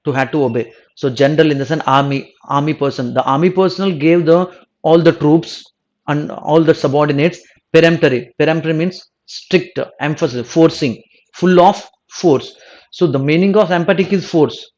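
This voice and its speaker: A man's voice: on the high side, moderate pace, a little mellow, lo-fi sound. A male exam coaching teacher working through test answers, often restarting and rephrasing as he talks. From South India. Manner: repeats himself, rephrases mid-sentence, asks "no?".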